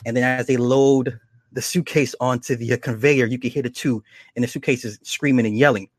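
A man casually retelling horror episodes, slipping into quick acted quotes and chuckles. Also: mid-range voice, steady tone, no room sound, clean studio sound. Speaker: show reviewer.

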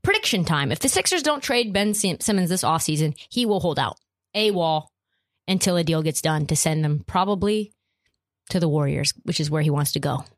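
A woman's voice: low-pitched, fairly quick. A woman hosting a sports podcast, ranting casually and cursing freely. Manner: profane, animated ranting. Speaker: podcast host.

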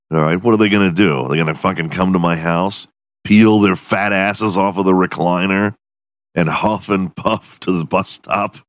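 A man's voice: low voice, dry recording, studio quality. A man hosting a podcast alone in his room, delivering a profane, self-mocking comedic rant. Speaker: podcast host.

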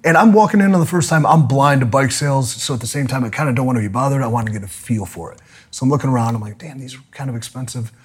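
A man telling a profane, angry comedic story, swearing and bursting into loud outbursts. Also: mid-range voice, very fast, slightly rough. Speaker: podcast guest telling a story.

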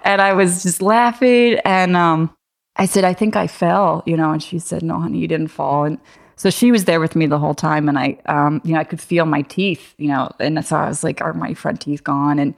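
A woman's voice: sits low, fairly even intonation, normal speed, creaky. A young woman casually telling a personal story, chatty and full of fillers, often laughing.

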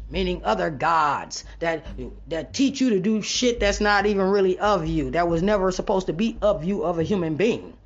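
A woman hosting her own show, talking straight to viewers in a blunt, profane, preachy monologue that rises into loud rants. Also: medium pitch, highs cut off. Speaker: online show host.

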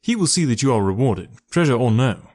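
A gloomy, patient police inspector, voiced by a man. He sounds despondent, a little higher than the narrator's own voice, as in a storybook reading. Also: big pitch swings, fairly quick, a little mellow.

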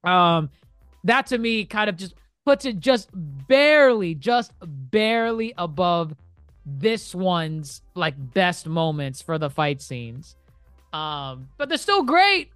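A co-host in a casual movie review chat, speaking in a relaxed way with hesitant fillers and bits of laughter between words. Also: mid-range voice, slow pace, clean tone, dry recording, clean studio sound, soft background music. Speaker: podcast co-host.

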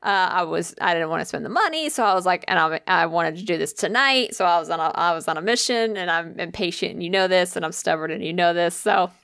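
A woman telling a story in casual chat, animated and profane, acting out what people said. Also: fairly low pitch, quick pace, gravelly, hardly any pauses, smooth, no room sound, studio quality.

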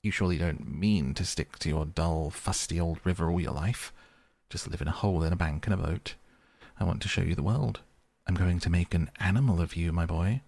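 A grand, excitable toad who boasts and coaxes, as a man reads him in a soft bedtime storybook telling. The voice sits low and gravelly, close and dry. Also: a little fast, no echo. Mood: coaxing. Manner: pompous, enthusiastic, coaxing. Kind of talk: soft bedtime audiobook reading.

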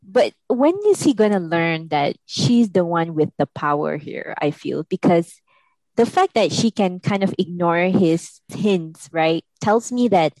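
A woman's voice: fairly low pitch, expressive, a little slow, darkish tone, no room sound, low-quality recording. A woman co-hosting a casual chat about a reality show, opinionated, quoting people in a mocking tone. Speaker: podcast co-host.

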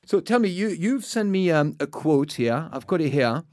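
A man's voice: fairly high pitch, expressive, moderate pace, darkish tone, dry recording, clean studio sound. A man with a French accent, a native French speaker hosting a casual chat and asking curious questions. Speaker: host.

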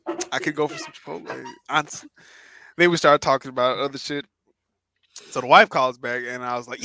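A man's voice: medium pitch, fairly quick, gravelly, pauses often, no room sound. A man co-hosting a podcast, telling a story in casual chat and acting out the voices of the people in it. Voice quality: animated storyteller, acts out quoted voices. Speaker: podcast co-host.

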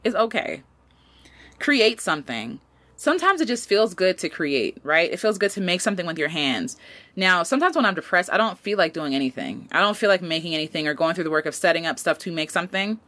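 Woman, late 20s, podcast host; casual slangy advice, lower voice but bright, dry recording. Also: a little fast, dry recording. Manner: animated, slangy, pitch jumps up for emphasis.

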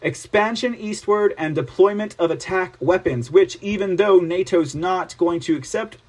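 A man's voice: high voice, moderate pace. A man hosting a news show, reading reports aloud and breaking in with emphatic, sarcastic asides. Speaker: host.

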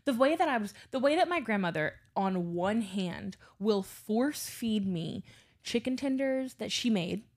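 A young woman from South Louisiana, co-hosting a podcast in casual chat, telling animated stories and swearing freely. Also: mid-range voice, measured pace. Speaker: podcast co-host.

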